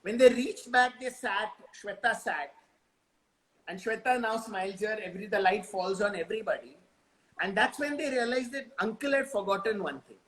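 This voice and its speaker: Animated high-voiced Indian storyteller man. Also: normal speed, a little hiss or hum, rough recording. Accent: Indian English. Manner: animated, mixes Hindi into English. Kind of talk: improvised storytelling on a live stream.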